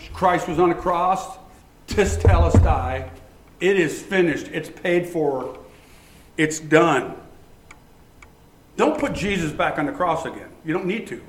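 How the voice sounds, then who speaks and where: A man preaching a sermon as pastor, emphatic, swinging between loud lines and hushed ones. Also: fairly high pitch. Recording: echoey room with faint ambience.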